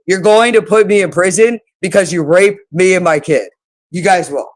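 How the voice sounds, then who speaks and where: A woman's voice: on the low side, normal speed. A woman hosting her own channel, delivering an agitated, accusatory, profanity-laced monologue. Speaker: channel host. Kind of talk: unscripted monologue to camera.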